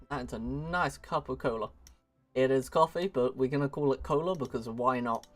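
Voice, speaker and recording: A man's voice: medium pitch, normal speed, a bit bright, faint music behind. Chatty young man streaming a strategy game. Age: young adult. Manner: chatty, jokey, self-mocking asides. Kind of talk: casual gameplay commentary.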